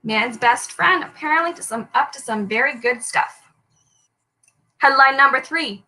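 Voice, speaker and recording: Bright, high-voiced woman hosting trivia. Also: measured pace, low-quality recording. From Canada. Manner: upbeat, apologetic over slips, lightly joking. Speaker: trivia host. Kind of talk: reading quiz headlines aloud.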